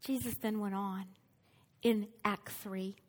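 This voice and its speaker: A woman's voice: mid-range voice, steady tone, slow, a little mellow. A woman preaching a sermon, telling a story with energy and putting questions to her listeners.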